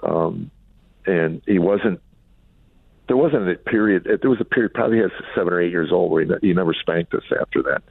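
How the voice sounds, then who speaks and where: A middle-aged man from Chicago with a very low, gravelly voice tells candid family stories with a wry, reflective edge. He comes through a narrow, tinny phone line, dry and close. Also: brisk, dry recording. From Chicago, USA. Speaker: comedian and author, guest. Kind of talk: candid storytelling in an interview.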